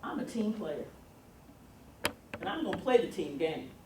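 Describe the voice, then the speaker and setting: A woman voicing a steady male preacher who speaks slow, low and quietly commanding, heard from a distance in a roomy lecture recording. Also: background noise, natural voice. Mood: earnest. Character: steady male preacher delegate, calm and firm.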